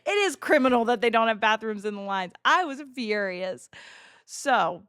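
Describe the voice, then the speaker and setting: A woman livestreamer chatting casually with her viewers, telling animated stories with lots of laughing and swearing. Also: on the high side, normal speed, clean tone, dry recording, clean studio sound. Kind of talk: casual chat with stream viewers. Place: home streaming setup.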